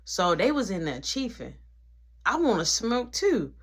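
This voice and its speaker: A person telling a dramatic personal story in casual, slangy speech full of asides. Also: female voice, mid-range voice, measured pace, slightly rough. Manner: slangy, animated retelling with many asides.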